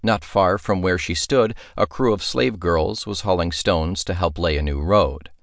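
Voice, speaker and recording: A man with a low, deep voice narrates an epic fantasy audiobook at a measured storytelling pace. The studio sound is dry and close. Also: vocal fry, dry recording.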